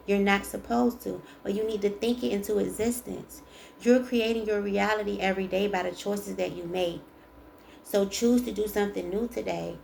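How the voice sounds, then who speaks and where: A tarot reader in a casual spiritual session reads card texts aloud, chatty and emphatic, repeating the most important lines. Her mid-range voice is gravelly with a darkish tone, and the recording has a little hiss or hum.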